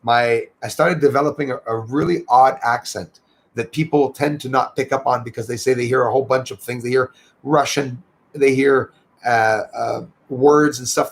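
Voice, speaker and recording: Man from Canada, livestream host, gravelly voice, rambling casual chat, reading viewer comments. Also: mid-range voice, moderate pace. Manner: chatty, thanks viewers by name, rambling asides.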